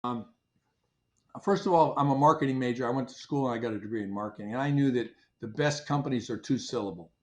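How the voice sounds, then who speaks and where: A man's voice: mid-range voice, fast talker. An older man, a company founder, recounts how he started his business. He tells it like a casual story and acts out what people said along the way. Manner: animated storyteller, acts out his own past dialogue. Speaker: company founder, interview guest.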